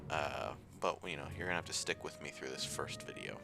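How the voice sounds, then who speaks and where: A man's voice: extremely low pitch, animated, a little fast, creaky, music in the background. A man hosting casual let's-play commentary, rambling and self-deprecating with lots of fillers. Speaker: gaming channel host.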